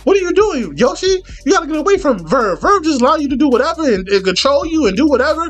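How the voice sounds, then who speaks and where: A shrill, fussing crowd of online gossips gasping over the latest drama, as a man puts them on. The voice jumps well above his usual pitch and stays high and busy throughout. Faint music plays underneath. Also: big pitch swings, quick pace, a bit bright, heavily acted. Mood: pleading. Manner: shrill, fussing, overlapping exclamations.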